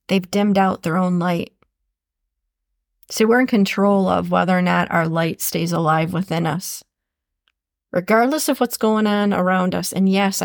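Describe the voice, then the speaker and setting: A woman's voice: medium pitch, creaky, no room sound, clean studio sound. A woman hosting a motivational podcast, speaking earnestly and repeating phrases for emphasis. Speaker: podcast host. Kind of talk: motivational monologue.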